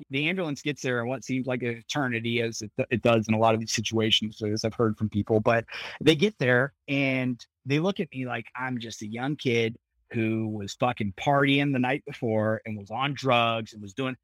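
A young podcast guest vividly retells a dramatic personal story, swearing freely in animated, casual speech. His mid-range voice moves at a normal speed, with no echo.

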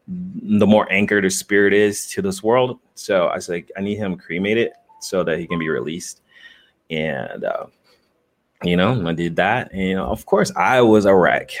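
A man who makes videos, talking casually and softly to his viewers in a rambling way, with lots of fillers and restarts. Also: low-pitched. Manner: rambling, soft-spoken, frequent fillers and restarts. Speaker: video creator. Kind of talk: casual livestream chat.

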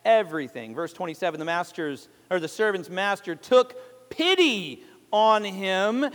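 A male pastor with a very high voice, preaching to his congregation. He retells the parable like a story and keeps asking the listeners questions. His voice rings with the long reverb of a large church hall. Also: measured pace, a bit bright. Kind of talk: sermon.

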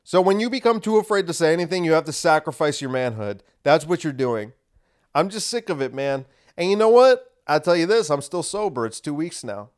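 A man's voice: fairly high pitch, lively intonation, a little fast, clean tone. Heated young man ranting. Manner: heated, combative, swings loud and quiet. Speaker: podcast host. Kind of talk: ranting monologue.

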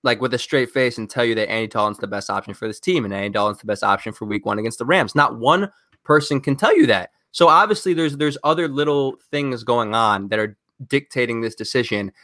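A man co-hosting a sports podcast, ranting in an animated, exasperated way and firing off rhetorical questions. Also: mid-range voice, fairly quick, no room sound, studio quality. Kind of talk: heated sports talk.

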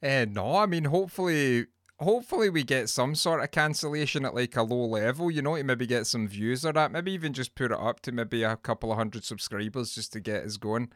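A man's voice: medium pitch, animated, brisk, a bit bright, dry recording, clean studio sound. A Scottish man co-hosting a podcast, chatting bluntly and swearing freely. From Scotland. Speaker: podcast co-host. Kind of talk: casual chat.

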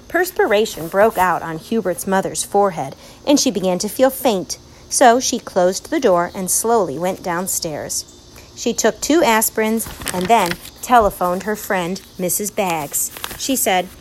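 Woman narrator, storybook read aloud, clear, measured, mid pitch. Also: darkish tone, a little hiss or hum, rough recording.

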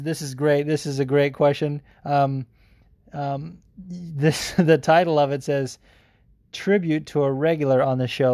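A man's voice: medium pitch, mellow, no room sound, clean studio sound. An American man hosting a podcast in casual chat, rambling, swearing freely and laughing easily. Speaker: podcast host.

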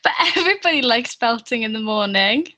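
A woman's voice: on the high side, lively intonation, brisk, pushed and bright. A woman interviewing a podcast host, chirpy and teasing in casual chat. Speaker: guest interviewer.

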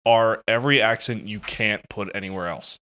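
A man's voice: fairly low pitch, normal speed, sharp tone. A man co-hosting a podcast in casual chat, rambling, swearing freely and acting out little quotes. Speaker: podcast co-host.

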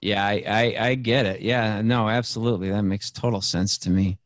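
A man's voice: fairly low pitch, steady tone, normal speed, dry recording, studio quality. A man, a podcast guest, telling a personal story in a rambling, earnest way, full of fillers and restarts. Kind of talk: casual storytelling conversation.

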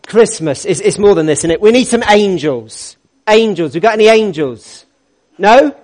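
High-voiced man, upbeat and jokey. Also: animated, a little slow, a little mellow. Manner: upbeat, jokey, coaxing people into place. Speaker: church service leader. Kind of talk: leading a congregation activity. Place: church hall with a congregation.

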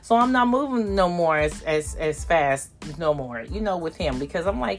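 An older woman talks in a loose, rambling way, often slipping into little acted-out voices. Her voice sits on the low side, and faint music plays behind her. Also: lively intonation, moderate pace. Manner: chatty, rambling, acts out voices of family. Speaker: vlogger. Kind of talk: casual chat.

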